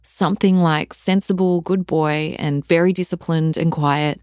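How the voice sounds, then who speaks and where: A woman reading aloud from her own memoir in a measured, intimate storytelling manner. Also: low voice, steady tone, darkish tone, dry recording, clean studio sound. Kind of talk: audiobook-style memoir reading.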